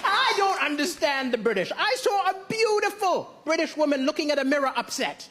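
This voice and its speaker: A man from Malawi performing a stand-up comedy routine on a theatre stage, with punchy deadpan delivery, acting out other people's lines. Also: extremely high pitch, fairly quick. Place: large theatre stage before a live audience. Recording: live stage mic with crowd laughter and music.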